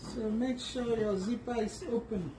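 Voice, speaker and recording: In a sewing tutorial, a woman with a slightly high voice and fairly even intonation talks slowly and patiently, often rephrasing, restarting, and using fillers as she sews. The distant microphone picks her up in an echoey room with a faint background hum.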